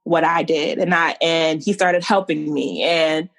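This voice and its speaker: A woman from New Jersey, a guest in an interview, telling her own story in a lively way and acting out the lines of the people in it. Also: unhurried. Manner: animated, acts out quoted dialogue with big pitch swings. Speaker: entrepreneur guest.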